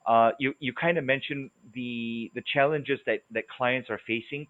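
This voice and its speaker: A man's voice: medium pitch, steady tone, moderate pace, fairly bright tone. Man, co-host, tinny phone-like audio, rambling questions full of fillers. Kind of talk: casual live interview.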